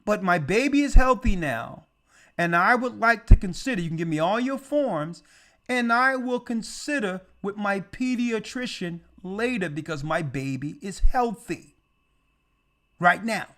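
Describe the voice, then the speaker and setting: In a high-pitched voice and at a slightly slow pace, a man playing a church elder recounts a testimony. His delivery is animated and conversational, with repeated words for emphasis.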